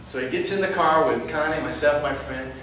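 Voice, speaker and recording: A man telling a lively story as a sermon, acting out the voices of the people in it. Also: fairly high pitch, fairly quick, far from the mic, a little hiss or hum. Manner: animated storyteller, acts out quotes. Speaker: preacher giving a testimony. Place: large church sanctuary. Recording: echoey hall, heard from afar.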